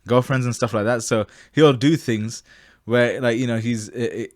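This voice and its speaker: A man's voice: medium pitch, fairly even intonation, moderate pace, no echo, studio quality. A man co-hosting a podcast, talking casually with lots of hesitant fillers. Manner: hesitant, many fillers, laughs at the funny bits. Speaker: podcast co-host. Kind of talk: casual chat.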